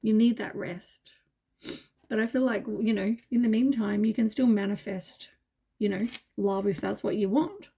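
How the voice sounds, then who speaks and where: A woman's voice: mid-range voice, moderate pace, dark tone, slightly rough. A woman giving a casual tarot reading, tired and yawning, talking in a meandering way full of fillers and reassurances. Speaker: tarot reader.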